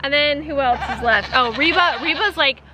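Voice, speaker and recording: A woman in her forties chatting to camera on her small farm, animated and joking, now and then mimicking her goats' screams. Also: high voice, normal speed, a crowd in the background. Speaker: farm vlogger. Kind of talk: casual chat to camera. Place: outdoors in a goat pen on a small farm. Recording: noisy, goats bleating behind. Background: goats bleating.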